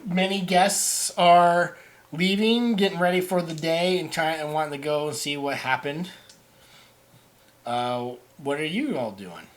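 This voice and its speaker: Halting man running a tabletop game. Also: a little high. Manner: halting, many restarts and fillers. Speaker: game master. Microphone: online voice chat.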